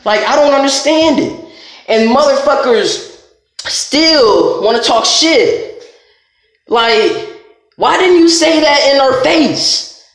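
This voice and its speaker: A man's voice: very high voice, lively intonation, slow pace, pauses often, fairly bright tone. A man ranting bluntly and angrily at the camera, cursing constantly in a confrontational vlog. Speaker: vlogger. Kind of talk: heated profane rant to camera. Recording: very echoey room.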